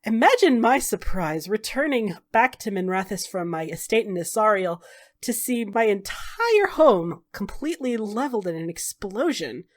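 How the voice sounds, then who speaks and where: A woman's voice: mid-range voice, expressive, moderate pace, lightly acted. Woman doing a menacing, silky male noble for a tabletop game. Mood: silky menace. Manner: mock-polite, taunting. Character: cruel smug male magister, sly and menacing.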